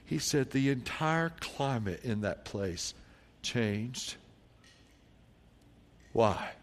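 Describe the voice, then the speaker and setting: A man preaching a sermon as pastor, telling a story from his congregation and quoting its members, moving from quiet, low reflection to loud, drawn-out emphatic declarations.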